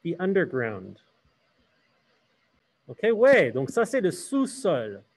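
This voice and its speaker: A man's voice: fairly high pitch, huge pitch swings, slow. A man teaching a hybrid French class, switching between English and French and asking the students questions.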